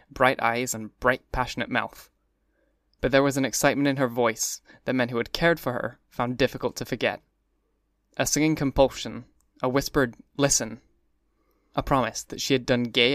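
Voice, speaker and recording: A man's voice: medium pitch, a bit bright, dry recording. Man narrating a classic novel, dry sound. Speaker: audiobook narrator. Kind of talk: scripted first-person narration.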